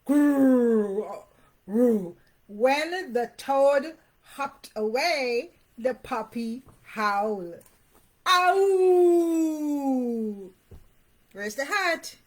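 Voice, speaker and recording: A woman with a high, bright voice reads a rhyming picture book to very young children at an unhurried pace. She sing-songs the sound words and keeps pausing to ask the child what they see. She also talks warmly and directly to the parents. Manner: pauses to ask the young listener questions about the pictures; sing-song reading of rhymes and sound words.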